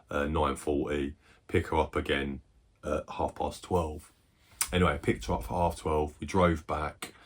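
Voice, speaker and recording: A man in his forties chatting casually as a retro game collector, rambling through stories, swearing freely and breaking into quick bursts of excitement. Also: rumbling low, breathy edge. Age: 40s. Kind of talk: casual chat.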